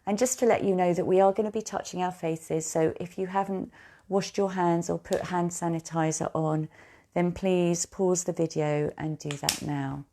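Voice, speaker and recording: A woman coaching a guided tapping session, speaking slow, repetitive affirmations for the listener to repeat back. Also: on the low side, steady tone, warm tone. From United Kingdom.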